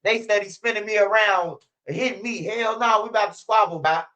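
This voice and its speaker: A Chicago man hosts a commentary channel, telling street-news stories in slangy talk and acting out what people said. His high voice is pushed and bright and a little fast, on a dull lo-fi recording.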